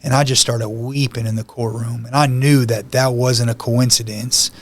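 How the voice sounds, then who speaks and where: A man's voice: mid-range voice, fairly even intonation, moderate pace. A man, a podcast guest, telling his life story in an earnest, conversational way with many "you know" asides. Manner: emotional, heartfelt retelling. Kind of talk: personal testimony storytelling.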